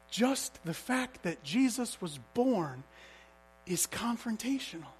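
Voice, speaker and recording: A man's voice: sits high, animated, a little slow, husky, soft background music. A man preaching a sermon as a pastor, telling stories vividly and asking the congregation rhetorical questions.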